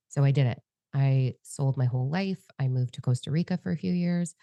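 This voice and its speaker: A woman co-hosting a podcast in a candid, free-flowing, expressive chat. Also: a bass voice, fairly quick, dry recording, lo-fi sound. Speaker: podcast co-host. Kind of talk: casual heart-to-heart chat.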